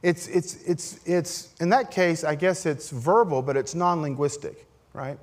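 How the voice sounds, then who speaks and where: A middle-aged man preaches in a loose, conversational way, checking in with his listeners through "right?" and poking fun at himself. His voice sits a little higher than most men's. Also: fairly even intonation, measured pace. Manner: conversational, self-deprecating, frequent "right?" asides. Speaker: pastor. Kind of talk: sermon.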